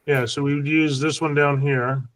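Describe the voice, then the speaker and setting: A man's voice: fairly high pitch, little pitch movement, normal speed, poor audio. A man teaching an online class, patiently walking students through a worksheet and checking they understand.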